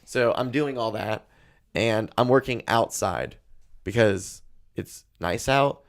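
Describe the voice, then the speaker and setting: A man's voice: lowish voice, slow, vocal fry. A man on a podcast as a guest, telling a long personal story in a casual, rambling way with plenty of swearing. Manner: rambling, profane, frank about his anxiety.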